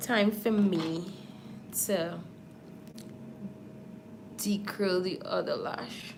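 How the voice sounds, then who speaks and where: Very slowly and with vocal fry, a makeup artist with a low-leaning, fairly even voice chats to her livestream viewers as she applies false lashes. She speaks directly to them, and background noise is present.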